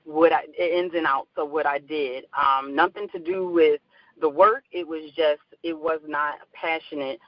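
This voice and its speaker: A woman's voice: sits low, fairly even intonation, unhurried, dry recording, lo-fi sound. A middle-aged woman with a Philadelphia accent, a guest talking in a chatty, bubbly way, laughing often and repeating herself. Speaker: guest, life coach. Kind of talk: casual interview talk.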